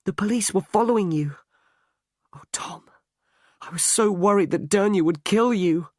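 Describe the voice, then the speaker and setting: A man's voice: sits high, brisk, no room sound, studio quality, voice pushed up, close to an everyday voice. A man reading a story aloud, voicing a young woman in a raised voice. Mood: relieved. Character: young woman, frightened then relieved.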